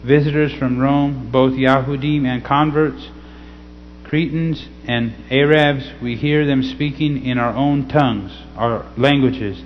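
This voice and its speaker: A man reading scripture slowly and teaching in a casual way, often checking in with "okay?". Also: mid-range voice, fairly even intonation. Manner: slow, deliberate scripture reading. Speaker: pastor. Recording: slightly dull recording with faint hum.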